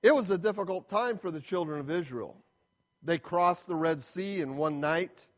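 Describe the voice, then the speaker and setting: A man preaching a sermon as a retold story, with dramatic, drawn-out emphasis. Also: fairly high pitch.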